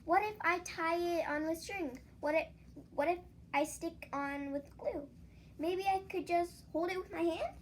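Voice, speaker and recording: A woman voicing a young boy god in a children's storybook, with a loud, boyish, whiny manner. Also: extremely high pitch, a little slow, slight background noise, pitched above the performer's own voice. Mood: upset. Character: young boy elephant-headed god, proud and sweet-loving. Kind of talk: children's storybook read-aloud.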